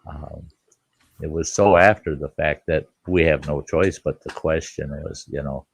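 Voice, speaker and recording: Gravelly deep-voiced man telling stories. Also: a little slow, slight background noise. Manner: folksy, blunt, swears casually, laughs at own stories. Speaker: live chat host. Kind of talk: casual storytelling chat.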